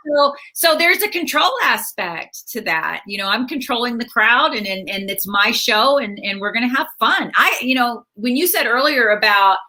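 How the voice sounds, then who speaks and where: Middle-aged woman stand-up, bright and forceful tone, rambling animated storyteller. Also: fairly high pitch, moderate pace, few pauses. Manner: animated storyteller with lots of repeats and restarts. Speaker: stand-up comedian guest. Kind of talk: casual interview chat.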